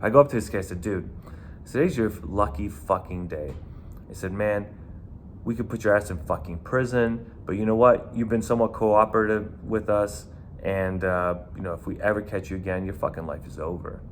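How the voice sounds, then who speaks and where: A man's voice: sits low, fairly quick, slight background noise. A man with a New York accent, a former bouncer, telling a rambling, profane story in casual talk.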